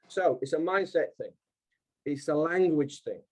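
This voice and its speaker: A man's voice: on the high side, normal speed, darkish tone. A man speaking emphatically on a call, repeating his points and acting out imagined exchanges. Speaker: guest speaker. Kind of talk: animated call talk.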